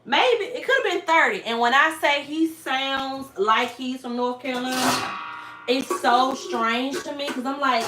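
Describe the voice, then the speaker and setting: Chatty Georgia mom in echoey kitchen. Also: female voice, high voice, a little slow. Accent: Southern US, Georgia. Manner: chatty, relaxed, drawling Southern speech. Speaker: vlogger and mother. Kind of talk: casual live-stream chat with viewers. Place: kitchen at home. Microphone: phone on a tripod. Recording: echoey kitchen, faint noise.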